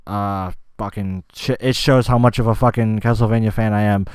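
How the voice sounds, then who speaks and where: A man's voice: fairly low pitch, steady tone, normal speed, darkish tone, clean tone, dry recording. A man hosting a casual solo gaming podcast, rambling, swearing often and losing his train of thought. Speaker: podcast host.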